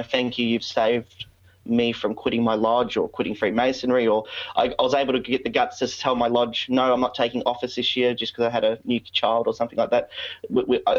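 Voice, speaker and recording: A young Australian man talking as a podcast guest, chatty and rambling, with many ums. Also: mid-range voice. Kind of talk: casual podcast interview. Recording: slightly dull lo-fi audio.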